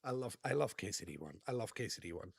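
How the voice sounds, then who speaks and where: A man live-streaming, reading chat aloud and thanking viewers in a relaxed, laughing manner. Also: lowish voice, fast talker, vocal fry, husky, no room sound, clean studio sound. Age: adult.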